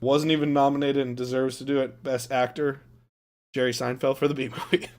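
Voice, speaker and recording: A man from Wisconsin co-hosting a movie podcast in casual chat, animated, swearing and laughing at his own jokes. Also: mid-range voice, a little fast. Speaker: podcast co-host.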